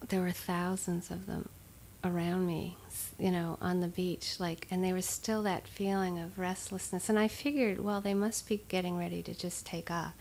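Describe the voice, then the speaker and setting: A woman giving a dharma talk as a meditation teacher, speaking conversationally with frequent fillers and soft laughs. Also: lowish voice, a little hiss or hum.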